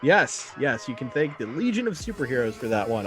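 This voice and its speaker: A man's voice: fairly high pitch, sing-song, brisk, few pauses, a bit bright, soft background music. A man hosting a live art battle stream with jokey, announcer-style commentary, stretching words for effect.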